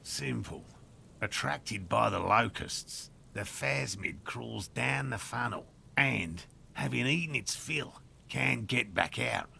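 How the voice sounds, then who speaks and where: A man with an Australian accent voicing a careful scientist in a video game, speaking in a measured, precise way. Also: mid-range voice, expressive, creaky, bright, forceful tone, slight background noise, full character voice. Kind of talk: game voice acting.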